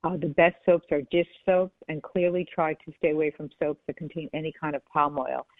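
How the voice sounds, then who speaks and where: A woman's voice: deep voice, little pitch movement, brisk, dry recording. A woman guest talking casually and earnestly in an interview, often restarting her sentences. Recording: tinny phone line.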